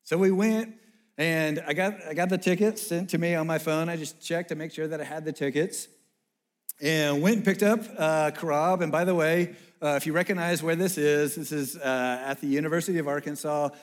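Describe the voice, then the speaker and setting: A man delivers a sermon story in a slightly high voice. He tells it in an animated way and slips into the voices of the people in the story. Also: normal speed.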